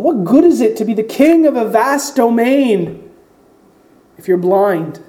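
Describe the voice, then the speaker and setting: Male pastor, sermon, mellow voice, roomy echoey church sound. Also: high voice, animated, a little slow. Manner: expository preaching, acting out quoted voices.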